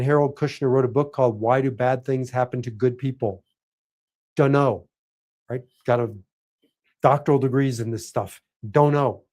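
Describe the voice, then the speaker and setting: A man's voice: mid-range voice, darkish tone. Earnest preacherly man. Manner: earnest, preacherly, emphatic repetitions. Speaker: host and life coach for men. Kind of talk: motivational talk.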